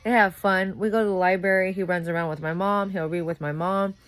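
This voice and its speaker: Young woman, lowish voice, profane venting, sleep-deprived new mom, heated rant. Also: fairly even intonation, brisk. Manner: profane, ranting, grows louder and heated. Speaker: vlogger. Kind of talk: casual venting monologue.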